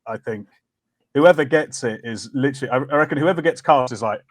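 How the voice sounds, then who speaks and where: A man's voice: mid-range voice, fairly quick, no room sound. A man co-hosting a casual film podcast, enthusiastic and fond of acting out quotes. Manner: enthusiastic, acts out quotes in silly voices. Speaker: podcast co-host.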